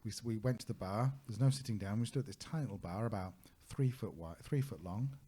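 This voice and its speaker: Man, travel podcast co-host, deep, dark husky voice, chatty storytelling, often laughs. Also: fast. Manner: chatty anecdotal, laughs often, searches for words. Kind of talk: casual conversational storytelling.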